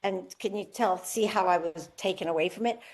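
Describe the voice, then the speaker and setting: A woman in her seventies talking in a candid podcast interview. She tells her stories with life and slips into the voices of people she quotes. Her pitch sits in the middle for a woman. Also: fairly quick. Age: 70s. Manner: lively storyteller, acts out quoted voices. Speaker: guest singer.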